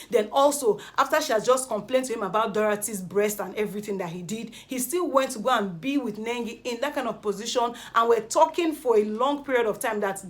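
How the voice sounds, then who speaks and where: A woman with a Nigerian accent recapping reality show gossip in a dramatic, animated way, dropping pidgin interjections. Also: medium pitch. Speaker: entertainment gossip vlogger.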